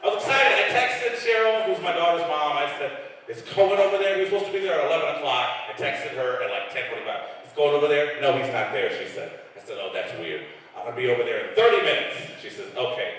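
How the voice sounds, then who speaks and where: Recorded from a distance in an echoey club hall, a middle-aged Detroit man performs a profane stand-up set on stage. His voice is fairly high, fast, expressive and a bit bright, and he acts out the people he quotes.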